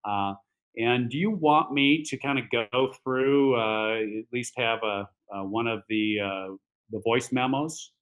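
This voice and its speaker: A man's voice: medium pitch, slow pace, smooth, phone-quality sound. A man who is an orthopedic surgeon, telling patient stories on a podcast in a rambling way, with many fillers and acted-out dialogue. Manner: acts out quoted dialogue. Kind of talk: casual podcast storytelling.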